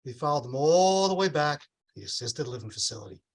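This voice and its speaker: A middle-aged man delivering a stand-up comedy set, telling deadpan one-liners and acting out the voices of the people in his stories. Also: a little high, quick pace. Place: comedy club stage with audience laughter.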